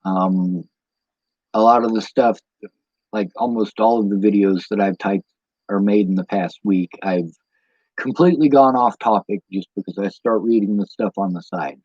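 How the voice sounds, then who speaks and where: A tired man with a Midwestern American accent wanders from tangent to tangent while talking to his stream chat. His voice is husky and the audio is dull and lo-fi. The sound is dry and close, with no room around it. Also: fairly low pitch, moderate pace, a little mellow, dry recording. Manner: meandering, goes off on tangents, many ums. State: tired from lack of sleep. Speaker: livestreamer answering chat. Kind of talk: rambling casual livestream talk.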